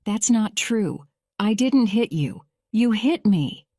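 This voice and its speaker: A woman voicing a young man protesting in court, read slowly and plainly. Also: mid-range voice, animated, mellow, no room sound, clean studio sound. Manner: measured, slow graded-reader delivery.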